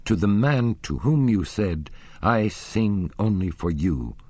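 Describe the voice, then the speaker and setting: A man's voice: fairly low pitch, expressive, takes it slowly, dark tone, dry recording, voice pushed up, exaggerated voice. Jealous young nobleman, read by a man. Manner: rough, accusing questions.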